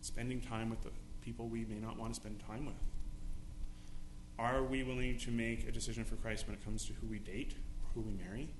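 A man's voice: medium pitch, reverberant, background noise. A male pastor preaching a sermon, acting out quotes with dramatic voices. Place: church sanctuary.

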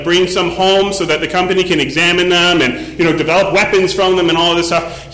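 In an echoey church, a man in his forties preaches a casual sermon as pastor, spinning a chatty story full of fillers. He has a high-pitched voice that sounds pushed and bright.

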